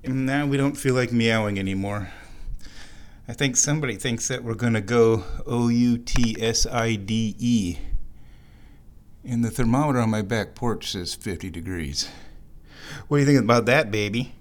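A man's voice: medium pitch, normal speed. A man hosting a casual solo show at home, chatty and playful, wandering the house and talking to his cat. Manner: playful, chatty, talks to his cat in a sing-song baby voice. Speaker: podcast host. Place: at home, walking around the house.

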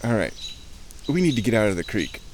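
A man giving casual running commentary to himself while wading through a muddy creek outdoors, chatty, with sudden excited bursts. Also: fairly low pitch, brisk, slight background noise. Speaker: outdoor vlogger. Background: birds chirping.

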